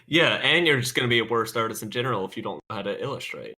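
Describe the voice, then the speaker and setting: Lively bright-voiced man. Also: medium pitch, rapid-fire. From United States. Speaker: podcast co-host, artist. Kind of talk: casual chat.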